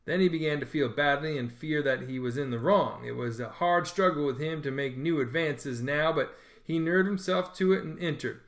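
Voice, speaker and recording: A man's voice: a little high, normal speed, fairly bright tone. Man reading a story aloud. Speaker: narrator.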